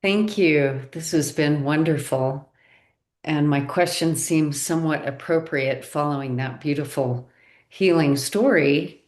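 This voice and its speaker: Low slow lady asking a question, roomy echoey sound. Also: darkish tone. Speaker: audience member asking a question.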